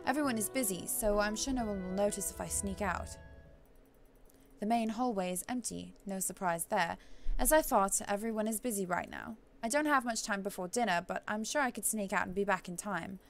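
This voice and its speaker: Woman reading as a quiet, thoughtful young heroine. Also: medium pitch, moderate pace, soft background music, close to an everyday voice. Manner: quiet, soft, somewhat posh inner-monologue reading. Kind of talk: let's play voice reading.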